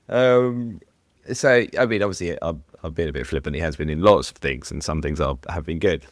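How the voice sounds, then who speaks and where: Deep-voiced chatty man. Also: brisk, no room sound, studio quality. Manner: chatty, flippant, laughs often. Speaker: podcast co-host. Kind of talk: casual chat.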